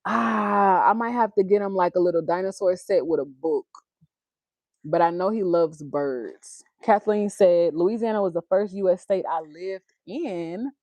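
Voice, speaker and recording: A woman's voice: fairly low pitch, a little slow, darkish tone, dry recording. A woman, chatting casually on a livestream, laughing often and reading viewer comments aloud. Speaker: livestream host.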